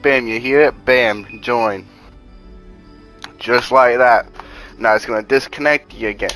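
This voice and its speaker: A man's voice: unhurried, fairly bright tone, faint music behind, rough recording. Laid-back, profane man giving game tips. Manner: laid-back, profane, repeats "bada bing, bada boom". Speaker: gaming channel host. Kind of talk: casual profane gameplay tutorial voice-over.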